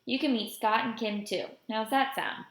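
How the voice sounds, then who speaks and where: A woman's voice: on the high side, moderate pace, fairly bright tone. A woman reading the part of a motherly woman who fusses over a child and scolds her teasing father, recorded in a roomy space. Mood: tender. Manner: fussing, indignant, then tender. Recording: roomy echo.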